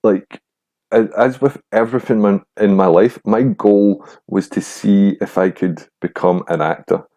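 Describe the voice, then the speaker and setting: A man's voice: on the low side, fairly even intonation, moderate pace, hardly any pauses, warm tone. Laid-back young man telling a story. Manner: candid, swears freely, frank self-deprecating storytelling. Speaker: podcast host. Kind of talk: casual storytelling monologue.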